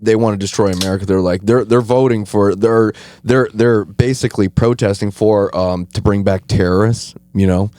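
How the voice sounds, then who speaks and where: A man co-hosting a podcast in casual, profane chat, often agreeing with quick fillers and laughing along. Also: lowish voice, steady tone, mellow, no echo. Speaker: podcast co-host.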